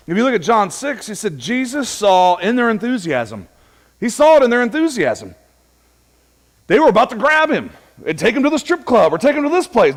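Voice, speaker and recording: A man's voice: very high voice, very animated, normal speed. A man preaching a casual, conversational sermon in a church, telling funny stories and acting out both sides of the dialogue. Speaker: pastor.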